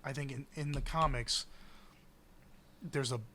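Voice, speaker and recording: A man's voice: mid-range voice, fairly even intonation, a little slow, bright, forceful tone, a little hiss or hum. A man co-hosting a podcast, chatting casually and airing opinions in long, hedging rambles. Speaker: podcast co-host. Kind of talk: casual chat.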